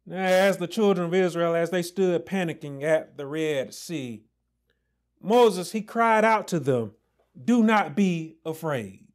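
A male pastor preaching a sermon with passion, often shouting and then dropping to low asides. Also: a little slow.

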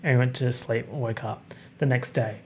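A young man hosting a casual solo podcast, talking in an animated, campy way and swearing freely. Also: medium pitch, normal speed, breathy edge. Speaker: podcast host.

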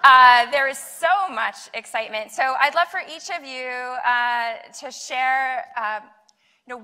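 A woman's voice: high voice, gravelly, bright, forceful tone. A woman moderating a panel, enthusiastic and upbeat. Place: conference hall. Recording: echoey hall.

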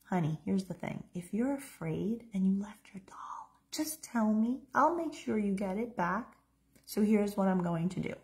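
A woman acting as a nurturing mother, with a soft, reassuring way of speaking. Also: mid-range voice, animated, slow. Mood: soothing. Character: gentle, nurturing mother comforting her child.

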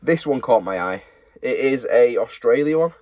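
Relaxed young man chatting. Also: mid-range voice, moderate pace. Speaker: online reseller. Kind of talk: casual haul chat.

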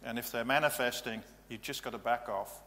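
A man's voice: mid-range voice, a little fast, bright, forceful tone. A male pastor giving a practical, matter-of-fact teaching sermon in a church. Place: church hall. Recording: reverberant hall, faint hum.

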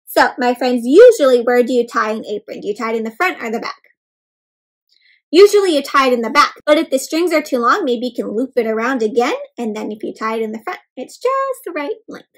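A young adult woman doing an interactive read-aloud for kids, animated, gasping and asking the children questions. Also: fairly high pitch, brisk. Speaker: children's storyteller.

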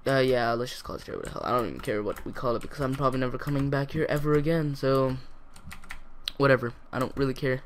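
A teenage boy talks through his gameplay at a desk mic, rambling and thinking out loud, with a middling voice for his age. He breaks into sudden excited yelps now and then. Faint keyboard clatter sits behind him. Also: medium pitch, fast, a little hiss or hum. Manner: rambling, self-talking, jumpy excitable outbursts. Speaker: gaming channel host. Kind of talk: casual gameplay commentary.

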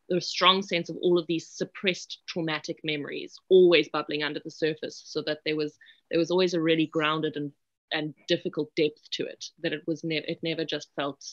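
A woman's voice: low-pitched, bright, forceful tone, no echo, muffled recording. A woman filmmaker on a Q&A panel speaking articulately and expansively about a film's themes. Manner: articulate, expansive, circling back on phrases. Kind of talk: thoughtful panel commentary.

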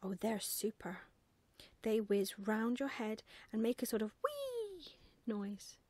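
An excited little boy chatters eagerly in a breathy hush, as a woman whispers him out. The voice is unhurried and sounds close and dry. This is whispered role-play for a bedtime storybook. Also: fairly high pitch, dry recording, heavily acted.

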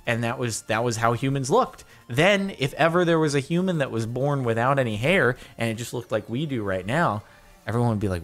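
A man in a casual video reaction, rambling from one joke to the next. He talks in an everyday, mid-pitched voice with animated asides. Faint music plays under him. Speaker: vlogger.

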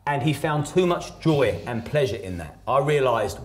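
A man's voice: mid-range voice, expressive, normal speed. A man telling his personal story as a podcast guest, blunt and emphatic, swearing heavily.

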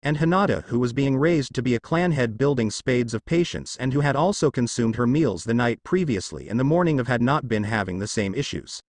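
A man narrating a fan fiction story in a lively storytelling way. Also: brisk, few pauses, dry recording, studio quality. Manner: lively storytelling, varies pitch for dialogue.

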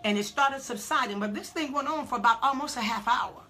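A woman with a voice that sits high preaches a sermon, giving a halting, emotional testimony that builds to shouted preaching.

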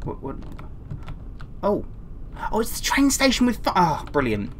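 A woman's voice: lowish voice, wildly swooping pitch, measured pace, a little hiss or hum. A young woman commentating a horror game, jumpy and swearing when scared, with dry asides. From England. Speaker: gaming YouTuber. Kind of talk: let's play commentary.

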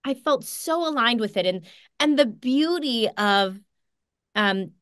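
A woman hosting a podcast interview, speaking warmly and agreeing with feeling. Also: a little high, animated, slow, clear, resonant tone, no echo, studio quality. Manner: warm, affirming, speaks with feeling. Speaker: podcast host.

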